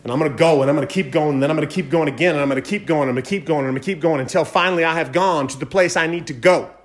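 A man hosting a podcast, fast-talking and fired up, giving a motivational monologue and repeating phrases for emphasis. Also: fairly high pitch. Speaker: podcast host.

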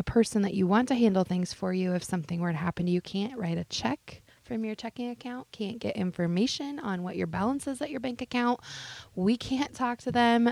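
A woman's voice: mid-range voice, creaky, darkish tone, no room sound. A woman co-hosting a financial radio show, adding earnest points about portfolio risk and legal documents. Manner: earnest, adds points, fillers like um and uh. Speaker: financial advisor co-host. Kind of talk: explanatory radio talk.

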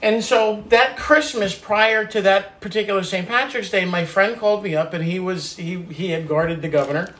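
Animated middle-aged dad telling stories. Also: male voice, high-pitched, normal speed, hardly any pauses. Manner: animated storyteller, repeats words when starting. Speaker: father telling family stories. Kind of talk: casual family podcast chat.

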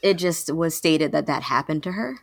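A woman's voice: low-pitched, expressive, normal speed, gravelly. A woman co-hosting a podcast in casual chat, chiming in with short questions and reactions. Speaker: podcast co-host.

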